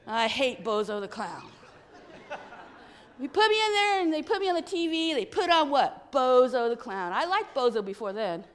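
A woman telling an expressive story to children during a church service. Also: high-pitched, normal speed, in a large hall, a faint crowd.

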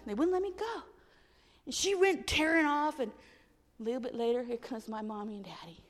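High-voiced woman telling a children's story. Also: sing-song, moderate pace, long pauses, in a large hall. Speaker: children's story teller at church.

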